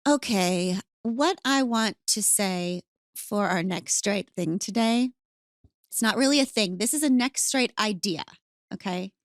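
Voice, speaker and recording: A woman hosting a podcast at a middle pitch, animated and playful. She acts out her stories as she tells them. The sound is dry and close. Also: a little slow, no echo. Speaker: podcast host. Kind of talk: casual chat.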